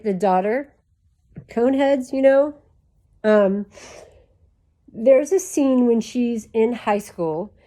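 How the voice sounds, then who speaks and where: A woman's voice: mid-range voice, dark tone. A woman chatting to camera in a rambling, casual way full of "like" fillers, talking while lying down. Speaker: YouTube creator.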